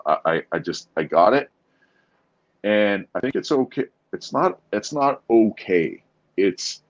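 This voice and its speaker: Earnest man with a very deep voice. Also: muffled recording. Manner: earnest, halting with repeated restarts. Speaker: podcast guest. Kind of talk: candid conversational interview.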